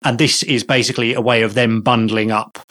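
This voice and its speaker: A man's voice: mid-range voice, level tone, a little fast, fairly bright tone, no echo, studio quality. Man explaining tech step by step. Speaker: podcast co-host. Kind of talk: casual tech chat.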